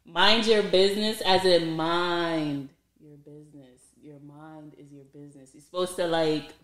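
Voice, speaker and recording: A woman's voice: lowish voice, fairly even intonation, unhurried, a bit bright. A young woman hosting a podcast, talking casually and emphatically with slang. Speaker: podcast host. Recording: echoey room with crowd noise.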